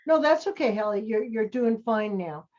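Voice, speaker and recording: A woman's voice: a little high, animated, moderate pace, darkish tone. Encouraging woman acting teacher on a call. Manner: encouraging, calls students sweetie and honey. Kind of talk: coaching students in an online class. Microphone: video call. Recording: dull lo-fi call audio.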